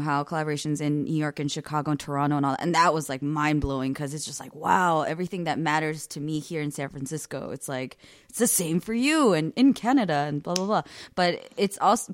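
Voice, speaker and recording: A woman's voice: low voice, no echo, clean studio sound. A woman in a casual chat who talks with enthusiasm and laughs often.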